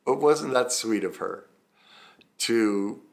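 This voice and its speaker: A man's voice: on the low side, animated, takes it slowly, vocal fry. A man, a trauma recovery coach, teaching through personal stories in an earnest, conversational way with frequent ums and self-corrections.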